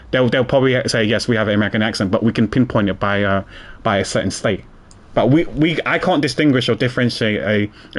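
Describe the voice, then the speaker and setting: A man chatting casually with viewers while gaming, rambling and often restarting or repeating his words. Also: on the low side. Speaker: streamer.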